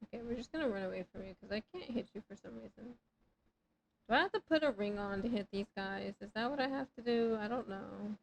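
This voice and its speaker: A woman's voice: medium pitch, a little fast, creaky, slight background noise, poor audio. A woman in her thirties chatting casually with her live chat while playing a game, rambling and swearing freely in self-mocking banter. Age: 30s. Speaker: streamer.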